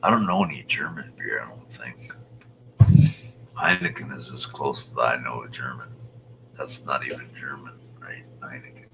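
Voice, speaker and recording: A man in his sixties hosts a loose live chat with viewers, rambling from one thought to the next. His voice is very deep yet has a sharp, bright edge, and he talks slowly, often sinking into muttered, half-whispered asides. A faint hum sits under the audio. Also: expressive, creaky. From Utah, USA. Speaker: show host reading viewer chat. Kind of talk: casual livestream chat.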